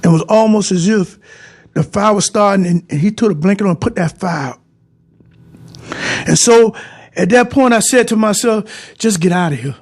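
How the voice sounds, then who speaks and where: A man's voice: sits high, moderate pace, long pauses. A man telling viewers a personal story, rambling and repeating himself as he speaks to them directly. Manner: rambling and repetitive, restarting phrases and addressing the audience directly.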